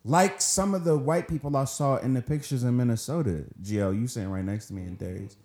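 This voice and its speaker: A man's voice: medium pitch, fairly quick, darkish tone. A man co-hosting a podcast, ranting with passion and swearing freely in a heated discussion. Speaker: podcast co-host. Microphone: studio podcast mic. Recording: echoey room.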